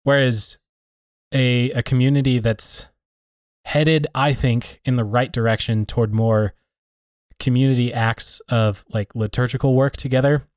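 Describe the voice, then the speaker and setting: A man's voice: medium pitch, fairly even intonation, a little slow, darkish tone, no echo. Thoughtful man talking, dry sound. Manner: thoughtful, hesitant, restarts and rephrases often. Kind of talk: reflective casual conversation.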